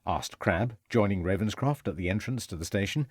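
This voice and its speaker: A man reading a mystery audiobook as narrator, in steady, even storytelling. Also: fairly low pitch, a little fast, breathy edge, dry recording, clean studio sound. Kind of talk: scripted narration.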